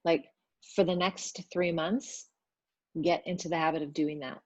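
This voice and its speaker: A woman's voice: fairly low pitch, fairly even intonation, a little slow, no echo. Chatty woman giving a spiritual talk. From Italian family background. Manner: loose and chatty, with many fillers; works at speaking gently. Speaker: spiritual astrology speaker. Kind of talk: casual spiritual talk to viewers.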